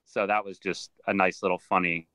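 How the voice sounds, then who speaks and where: A man who works with alligators and crocodiles tells stories in a casual interview over a video call, slipping animatedly into other people's voices. His voice sits a little low, bright and crisp, level in tone and fairly quick. The low-quality recording sounds dry and close, with no room sound.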